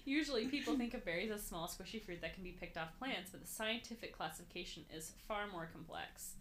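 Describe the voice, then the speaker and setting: Young woman, podcast co-host, bright tense voice, giggly, faint background noise. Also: mid-range voice, fairly quick. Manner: giggly, stumbles over words while reading. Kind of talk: casual chat, reading an article aloud.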